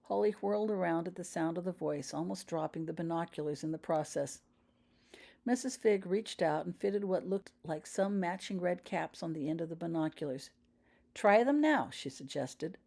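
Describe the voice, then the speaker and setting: A woman reading her own story aloud in an unhurried, detailed narration. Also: on the low side, creaky, mellow. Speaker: author reading her own fan fiction. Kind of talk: audiobook-style story narration.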